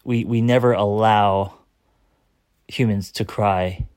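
A man's voice: fairly low pitch, fairly even intonation, takes it slowly, a little mellow, dry recording, clean studio sound. A man, a therapist hosting his own show, talking through a personal moment in a casual, earnest, rambling way with frequent restarts. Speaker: therapist and podcast host. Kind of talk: casual reflective monologue.

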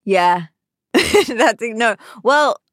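A woman's voice: fairly high pitch, expressive, drawn-out words, a bit bright, no echo, clean studio sound. A woman from Sydney with an Australian accent, chatting casually as a guest in an interview, laughing easily and filling her talk with "like". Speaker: actor, guest.

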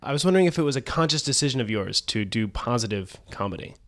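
A man's voice: medium pitch, lively intonation, quick pace, no room sound, clean studio sound. A man hosting a radio talk show who chats and jokes with his guest. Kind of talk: casual radio interview.

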